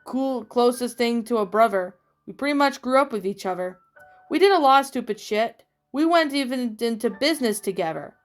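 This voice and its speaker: A steady young man who leads his group and talks sense into his friends, as a woman reading a fan story voices him. The voice is fairly high and firm. Faint music plays behind. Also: normal speed, lightly acted. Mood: calm.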